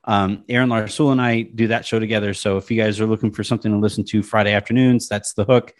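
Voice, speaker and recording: A man's voice: fairly low pitch, fast. A man who writes about sports, a guest on a casual podcast, rambling with lots of restarts. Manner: rambling, many restarts, animated storytelling.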